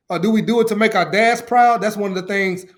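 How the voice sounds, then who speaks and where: Guest spot: middle-aged man with a high, bright voice, storyteller who acts out quotes. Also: steady tone, fairly quick. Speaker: podcast guest, ministry founder. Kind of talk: enthusiastic testimony.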